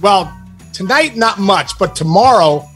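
A man in his forties, a podcast co-host, telling stories in casual chat, animated and peppered with "bro" and "dude". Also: high-pitched, measured pace, faint music behind.

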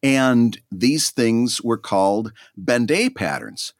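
A man on a podcast with a lively, bouncing pitch who laughs often. He pitches his ideas with some stammering. The sound is close and dry. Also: slow, no room sound. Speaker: podcast co-host. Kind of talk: casual chat, hosting a quiz.

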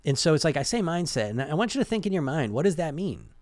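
A man's voice: fairly high pitch, sing-song, quick pace, darkish tone, no room sound, studio quality. A man giving a casual motivational talk as a weight-loss coach, conversational, restarting and repeating words as he goes. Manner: conversational, keeps asking "right?" and "you know?".

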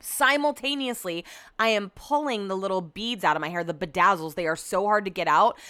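A young adult woman hosting a podcast, telling a story in a casual, animated way with frequent swearing. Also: medium pitch, fairly quick, clean tone, no room sound. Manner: animated, with swearing and quoted asides. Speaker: podcast host.

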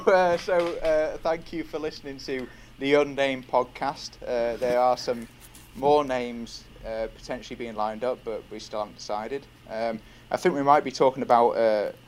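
A man's voice: medium pitch, a little mellow, a little hiss or hum. A man hosting a podcast, casual and joking as he wraps up the episode. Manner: joking, laughing. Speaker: podcast host.

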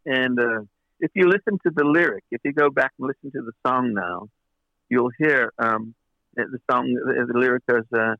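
Gravelly-voiced man telling studio stories. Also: mid-range voice, normal speed, no room sound, highs cut off. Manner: rambling anecdotes with many fillers and restarts. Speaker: record producer, guest. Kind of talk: interview storytelling.

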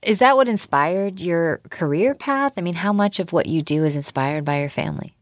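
Low-voiced woman radio interviewer. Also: expressive, moderate pace, dry recording, clean studio sound.

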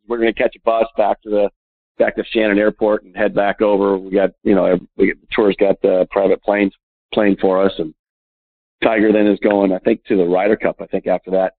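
Husky-voiced man in his fifties on a phone line. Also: lowish voice, level tone, fairly quick, dry recording. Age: 50s. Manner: chatty anecdotes, laughs often, many filler uhs. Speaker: guest, professional golfer. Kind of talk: interview storytelling. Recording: tinny phone line, dry.

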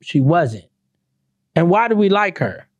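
Speaking at a measured pace in a sing-song way, this woman rants on her own podcast with plenty of profanity, sarcasm, and rhetorical questions. The recording is dry, and she shifts between high exclamations and low asides.

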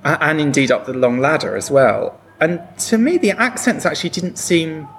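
A man's voice: on the high side, moderate pace, a bit bright, faint music behind. An English man with an English accent hosting a podcast, talking thoughtfully with hesitant fillers. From England. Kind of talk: casual podcast chat.

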